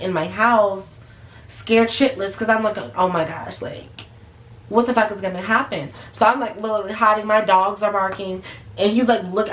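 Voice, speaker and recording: Blunt, profane woman telling a storytime. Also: mid-range voice. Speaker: vlogger. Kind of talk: storytime vlog. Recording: roomy echo.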